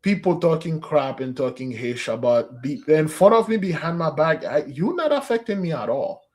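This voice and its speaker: On a fasting day, a man delivers a preaching address, his voice a little high, mellow and sing-song at an ordinary speed. He teaches emphatically on spiritual matters, calling his listeners "beloved" and drifting into street slang.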